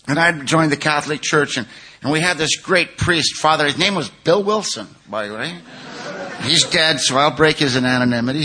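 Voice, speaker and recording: Older man telling his story, forceful bright voice. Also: a little high. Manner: long-winded, candid, self-mocking humor; grows loud and heated when telling intense moments. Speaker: speaker sharing his story at a recovery meeting. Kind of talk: personal testimony, storytelling.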